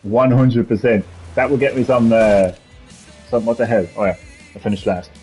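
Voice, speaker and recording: A man's voice: mid-range voice, steady tone, normal speed, dark tone, soft background music, rough recording. An Irish man giving casual, rambling gameplay commentary while answering chat as a streamer. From Ireland. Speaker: gaming streamer.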